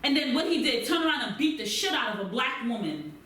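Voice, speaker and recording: A woman's voice: sits high, animated, fast, a bit bright, a little hiss or hum. Emphatic woman, echoey far-off room. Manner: emphatic, blunt, repeats points for stress. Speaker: podcast co-host. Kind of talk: casual chat.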